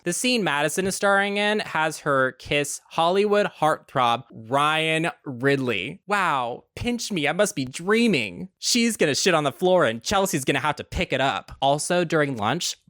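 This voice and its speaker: A man's voice: fairly high pitch, normal speed, no echo. Snarky man recapping a movie, dry sound. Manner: dry, snarky, deadpan asides. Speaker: YouTube commentator. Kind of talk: sarcastic movie recap commentary.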